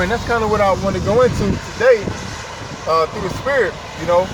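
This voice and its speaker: A man's voice: high voice, moderate pace. A man preaching informally outdoors, emphatic and repetitive, often saying "man" and "okay". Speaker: street preacher. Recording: distant mic, loud traffic noise outdoors.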